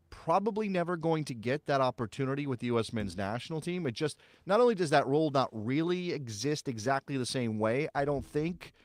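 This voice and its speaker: A man co-hosting a sports podcast, talking in an animated, mocking way and laughing often. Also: medium pitch, no room sound. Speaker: podcast co-host. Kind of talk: casual sports chat.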